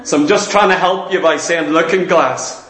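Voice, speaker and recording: A man with a Northern English accent preaching a sermon, fervent and quick, firing rhetorical questions at his listeners. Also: a little high, fairly bright tone, echoey room.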